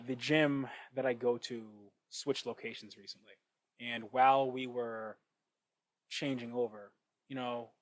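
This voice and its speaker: Man thinking out loud on a cheap mic. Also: mid-range voice, dry recording, rough recording. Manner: thinking out loud, with frequent restarts and asides. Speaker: podcast host. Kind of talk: casual reflective monologue. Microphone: cheap microphone. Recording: dry, close cheap-mic sound.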